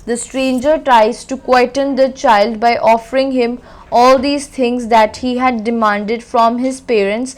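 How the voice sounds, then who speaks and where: A woman teacher reading a story aloud slowly and carefully, then explaining it to her class. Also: a little high, fairly even intonation.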